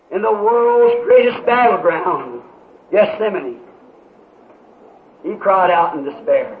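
A man preaching a sermon in an impassioned way, rising to shouts with dramatic pauses, on an old muffled tape. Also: high-pitched, slight background noise.

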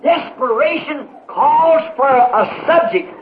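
A man preaching a sermon in an impassioned way, rising to shouts with dramatic pauses, on an old muffled tape. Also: extremely high pitch, vocal fry, slight background noise.

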